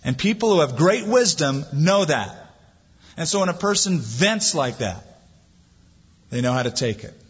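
A man preaching a sermon, and his pitch rises and falls as he acts out the voices in the story. His voice is somewhat husky and a little high for a man. The sound is dull and lo-fi, with a long reverb from a large hall. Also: measured pace, pauses often. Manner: lively preaching, acting out quoted voices. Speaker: pastor.

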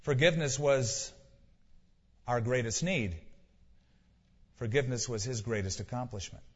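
In a husky, expressive, medium-pitched voice at a measured pace, a male pastor delivers an emphatic sermon. He poses rhetorical questions and repeats key lines for weight. The lo-fi audio sounds dull, with long hall reverb.

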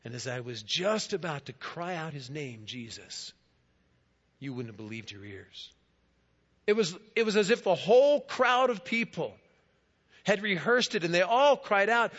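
A man, a guest speaker in a church, giving a first-person dramatic monologue in a storytelling manner, swelling loud and then dropping quiet. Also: sits high, big pitch swings, moderate pace. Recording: dull lo-fi recording.

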